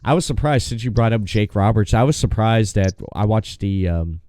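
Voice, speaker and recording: A man's voice: lowish voice, lively intonation, normal speed, a little mellow, no room sound. A man hosting a podcast, chatting casually and enthusiastically, often restarting his sentences and swearing now and then. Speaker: podcast host.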